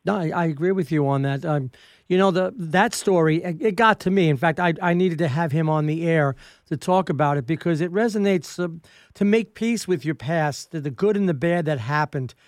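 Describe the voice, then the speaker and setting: A man's voice: on the high side, moderate pace, no room sound, studio quality. A man hosting a radio interview, sincere and stumbling a little as he asks questions. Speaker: radio host.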